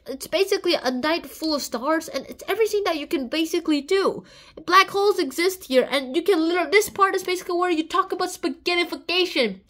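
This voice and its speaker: A woman's voice: high voice, lively intonation, a little fast, bright, forceful tone. A woman narrating a science explainer in a playful way, breaking into little songs and silly voices. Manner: playful, jumps into sung bits and silly voices. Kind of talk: playful educational video narration.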